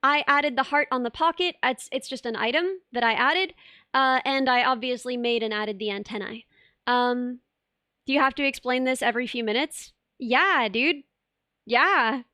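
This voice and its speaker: High-voiced young woman streamer chatting. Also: normal speed, no echo, studio quality. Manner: rambling, animated, many restarts and "like". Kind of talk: casual live-stream chat reading viewer messages.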